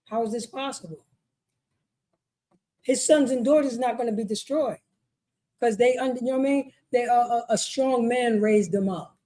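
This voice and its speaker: High-pitched emphatic New woman preaching. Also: normal speed, pauses often, warm tone. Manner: emphatic, repetitive, keeps asking "you know what I mean". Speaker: religious law class teacher. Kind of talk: street-style sermon lesson. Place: meeting hall.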